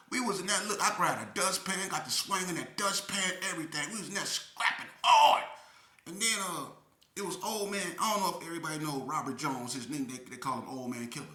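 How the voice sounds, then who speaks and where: Bright-voiced older man telling stories. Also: medium pitch. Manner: animated, keeps asking "right?". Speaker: storyteller. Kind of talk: casual storytelling. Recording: roomy echo.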